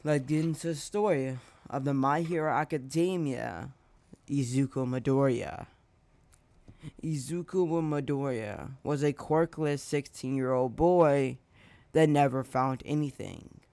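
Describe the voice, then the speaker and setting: A man's voice: mid-range voice, unhurried, gravelly, a little mellow, no echo. A man hosting his channel and narrating a fan story casually, rambling with slips and self-corrections.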